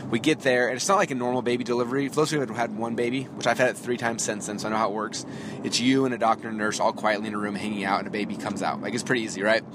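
A man in his thirties, a podcast host, telling a story in a chatty, lively way with quick asides and small laughs, recorded in a car while driving. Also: on the low side. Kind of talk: casual storytelling monologue. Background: faint vehicle noise.

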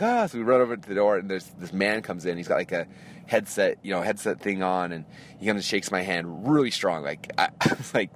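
A man with a fairly low voice tells a story at a rapid clip, like a podcast host. He acts out his own excited reactions along the way. There is clear background noise from traffic or the street. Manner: excitable, animated retelling with quoted reactions and laughs. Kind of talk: casual storytelling monologue.

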